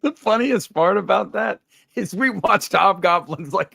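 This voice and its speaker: A man's voice: sits high, measured pace, creaky, sharp tone. A man hosting a casual livestream, chatting with viewers in a loose, profane, rambling way. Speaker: livestream host.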